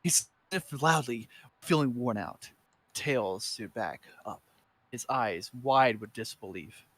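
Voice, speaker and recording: Brief: man, medium pitch, dramatic comedic narration, trips over words and corrects himself. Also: expressive, slow pace, fairly bright tone, breathy edge. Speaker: reader. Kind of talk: comedic fanfiction reading.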